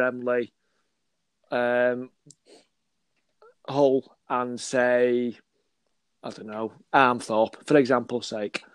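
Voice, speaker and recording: A man's voice: medium pitch, smooth, no room sound. A man, a football scout chatting on a podcast, acting out dialogue and laughing as he tells stories. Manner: animated storyteller, acts out dialogue, laughs often. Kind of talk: casual podcast chat.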